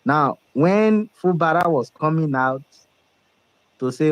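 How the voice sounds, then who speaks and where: A man's voice: a little high, a little slow, no echo, low-quality recording. A man with a Nigerian accent giving emphatic, confident political commentary.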